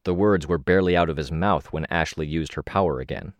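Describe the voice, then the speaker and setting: A man reading a first-person story aloud as an audiobook narrator, steady and measured, with lifts on the action beats. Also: rumbling low, no room sound.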